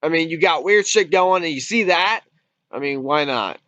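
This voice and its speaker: A man's voice: on the high side, animated, moderate pace, pushed and bright, no room sound. A man casually retelling a movie's plot as a reviewer, rambling with restarts and swearing freely. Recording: dull lo-fi dry recording.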